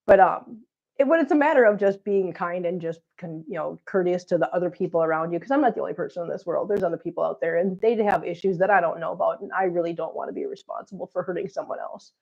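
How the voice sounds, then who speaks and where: A woman's voice: fairly low pitch, quick pace, vocal fry, a little mellow, dull audio. A middle-aged woman, sick and coughing, chatting casually and rambling with viewers on her live stream. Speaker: vlog host reading live chat.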